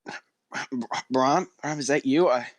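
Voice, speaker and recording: Casting: ancient stooped old man, halting and eager, as a game master puts him on, close dry sound. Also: mid-range voice, dry recording, lightly acted. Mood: surprised, welcoming.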